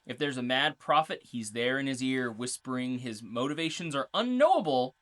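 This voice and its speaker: A woman's voice: a bass voice, expressive, moderate pace. A woman co-hosting a podcast, explaining game lore in a chatty, casual way with lots of fillers. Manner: chatty, reads notes, filler-heavy. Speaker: podcast co-host.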